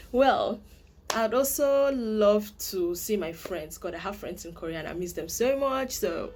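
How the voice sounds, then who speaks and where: A woman's voice: on the low side, a little mellow, a little hiss or hum. A young woman from Nigeria, chatting playfully to camera and laughing often. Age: young adult. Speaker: vlogger. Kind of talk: casual chat to camera.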